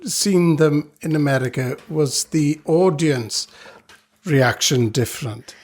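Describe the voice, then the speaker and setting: Man co-host, talks real slow, measured questions. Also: fairly high pitch, darkish tone. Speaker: podcast co-host. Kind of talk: casual conversation.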